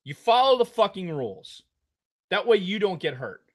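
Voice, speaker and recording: A podcast co-host with a high, fairly bright voice and wide pitch swings rants angrily at a moderate pace, swearing constantly through the casual chat. He sounds heated and furious.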